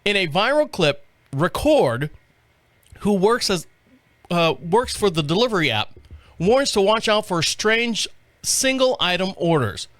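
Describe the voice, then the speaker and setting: Recorded dry with no echo in a small studio, a man talks into a stand-mounted mic in a high, sing-song, unhurried, slightly bright voice. He hosts a talk podcast, reading stories in a rambling, chatty monologue and frequently stumbling over names.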